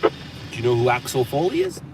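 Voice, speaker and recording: Animated sarcastic man ranting on a livestream. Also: mid-range voice, brisk, a loud crowd. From Southern California. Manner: animated, sarcastic, riffing on viewer comments. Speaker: livestream host. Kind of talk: casual livestream chat. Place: in a car.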